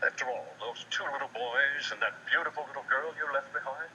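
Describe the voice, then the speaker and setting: A man's voice: mid-range voice, brisk, sharp tone, slight background noise. A remorseful ghostly father. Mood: wistful. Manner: earnest, conciliatory. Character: ghostly father, regretful and gentle. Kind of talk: 1980s daytime soap acting. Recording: dull TV broadcast with music.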